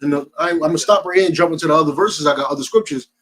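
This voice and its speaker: A man's voice: a little high, rapid-fire, fairly bright tone, poor audio. A man with a New Jersey accent preaching to a group in an emphatic, streetwise, slangy way.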